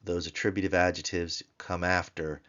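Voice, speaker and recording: A man teaching Biblical Hebrew grammar in a recorded lesson, explaining slowly and chanting word forms in a sing-song voice. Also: low voice, little pitch movement, fairly bright tone, highs cut off. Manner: slow, deliberate explanations.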